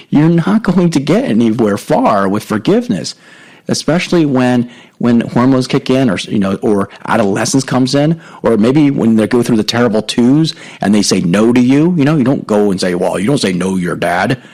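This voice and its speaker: A middle-aged man hosting a podcast, giving a casual, halting talk on faith with many fillers and restarts. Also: mid-range voice, expressive, warm tone, poor audio. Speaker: podcast host. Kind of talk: spoken teaching on faith.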